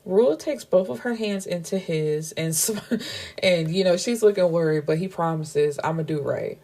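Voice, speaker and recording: Lady book reviewer, mellow gravelly voice, casual rambling recap, lots of ums. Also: lowish voice, moderate pace. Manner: chatty, with many fillers and self-corrections.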